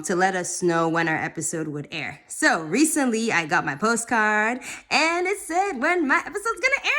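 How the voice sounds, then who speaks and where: A bubbly woman talks casually to her viewers, rambling with plenty of fillers and breaking into squealing cheers of excitement. Her voice is bright and forceful. It sits slightly low in pitch when she settles down. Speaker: vlogger. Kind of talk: casual talk to camera.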